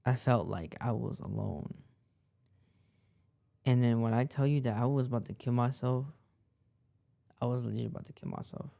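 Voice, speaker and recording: A man's voice: medium pitch, normal speed, creaky, long pauses, dark tone, no echo. A young man hosting a podcast, telling a personal story in a rambling way and leaning on "like" and repeated phrases. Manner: rambling, repeats himself, lots of "like". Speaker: podcast host.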